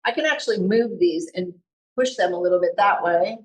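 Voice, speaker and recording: A woman giving a live painting demonstration to an audience, talking in a relaxed, chatty way and thinking aloud as she works. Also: lowish voice, fairly quick. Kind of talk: live art demonstration talk. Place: meeting room with an audience. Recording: echoey room recorded from far off.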